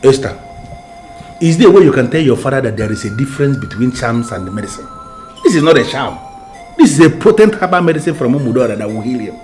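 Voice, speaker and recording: A man's voice: mid-range voice, very animated, quick pace, a little mellow, soft background music, close to an everyday voice. An actor with a Nigerian accent playing a brother who insistently urges a sick man to take medicine. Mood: coaxing. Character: pushy younger brother and uncle.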